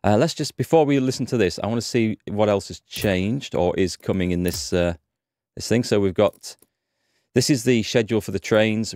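A man chats his way through a strategy game on a live stream, thinking aloud and restarting his sentences. His voice sits low and a little worn after recent strain. The sound is dry and close. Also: darkish tone, dry recording. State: voice recovering from strain. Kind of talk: casual gameplay commentary.

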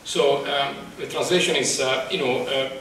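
A male photographer speaking about his exhibit in a halting, passionate way, searching for words, at a microphone. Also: medium pitch, steady tone, a bit bright, slight background noise. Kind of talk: emotional public talk. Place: exhibit talk at a college, indoors. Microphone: microphone in front of him. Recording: echoey room, distant mic.

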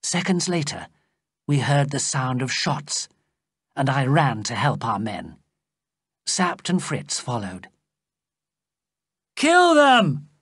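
A narrator reading a graded story aloud slowly and plainly for English learners. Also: no room sound, studio quality. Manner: slow, clear storytelling with lively pitch. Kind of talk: slow scripted audiobook narration for English learners.

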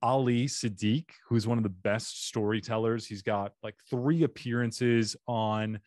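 A young adult man from Arizona hosting a podcast, joking and rambling playfully through a solo intro, now and then jumping into silly high voices, in a home studio. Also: fairly even intonation, a little slow, a little mellow, no room sound. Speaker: podcast host. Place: home studio with bare walls.

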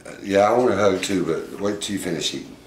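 A man's voice: sits low, fast talker, echoey room, slight background noise. A man, host of a pet channel, chatting casually and encouragingly to his pet monkey. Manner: coaxing, encouraging talk to an animal.

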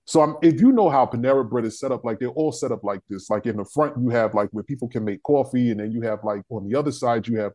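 A young adult man telling a story on a discussion panel, profane, animated and emphatic. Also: mid-range voice.

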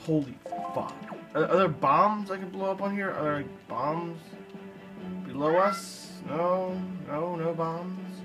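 A young man narrates his gameplay in an irritated, profanity-laced rant. His voice sits a little high for a man. Game music plays clearly underneath his commentary. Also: slow pace, poor audio. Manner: frustrated, swearing often. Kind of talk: let's play commentary.

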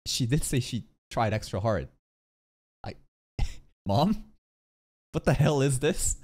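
A man's voice: medium pitch, animated, slow, darkish tone, breathy edge. A man giving casual, profane, joking commentary as he reacts to an anime episode.

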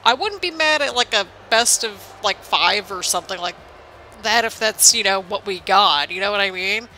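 A woman's voice: mid-range voice, expressive, normal speed, sharp tone, slight background noise. A young woman hosting a gaming channel, chatting casually and rambling as she comments on a wrestling game. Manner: chatty, rambling, laughs often. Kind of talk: casual let's-play commentary.

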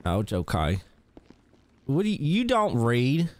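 A man's voice: medium pitch, huge pitch swings, unhurried. A man with a mid-range voice hosts a live role-play stream. He jokes, teases his friends and laughs a lot in easy, casual banter. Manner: laughing, teasing, showing off.

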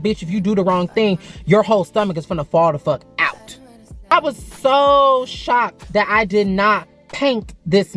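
A woman telling a frank, profane story in a casual vlog, chatting to viewers as "girl" and "baby". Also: medium pitch.

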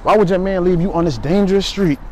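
A man hosting a street prank, flirting smoothly and persistently with a passer-by outdoors in the city. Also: high-pitched, fast talker, slight background noise. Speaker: prank video host.

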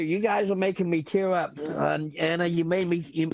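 A man's voice: a little high, moderate pace, gravelly, few pauses, no echo, muffled recording. A man hosting an online comedy benefit over a video call, effusive and emotional, laughing often. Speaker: host of a comedy benefit show.

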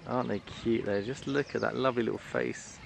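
A man's voice: medium pitch, steady tone, brisk, gravelly. A man filming outdoors in woodland, giving admiring, gushing commentary from behind the camera. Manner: gushing, admiring, murmured exclamations. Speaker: wildlife videographer.

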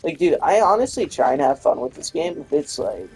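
A woman's voice: deep voice, animated, brisk, darkish tone, faint music behind. A woman giving gameplay commentary, ranting in frustration with heavy swearing. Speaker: gaming channel host.

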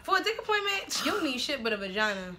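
A woman with a high-pitched, sharp voice swings widely in pitch and talks quickly, with slight background noise. Vlogging casually at home, she does her makeup and makes dinner on film in a get-ready-with-me chat, brash and profane, often laughing.

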